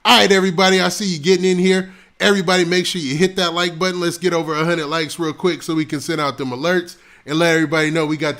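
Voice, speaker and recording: A man hosting a casual live stream on a close mic, shouting out viewers' locations and talking in laid-back slang. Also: on the high side. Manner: shouting out viewers' locations one after another.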